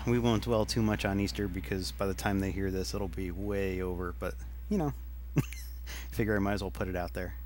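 A man's voice: sits low, a little fast, darkish tone. A man hosting a podcast, telling a story in a laid-back, casual way. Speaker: podcast host. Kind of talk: casual chat.

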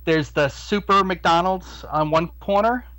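Quick-witted man with a raised voice. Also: sits high, no echo, low-quality recording. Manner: quick deadpan quips. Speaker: podcast co-host. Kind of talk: casual chat.

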